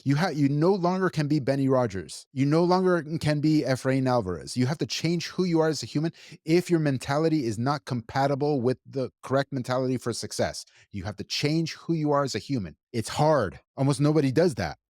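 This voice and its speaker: A man's voice: mid-range voice, animated, fairly quick, darkish tone, no echo, studio quality. A man co-hosting a podcast, talking emphatically, repeating his points and swearing freely. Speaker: podcast co-host. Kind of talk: casual podcast talk.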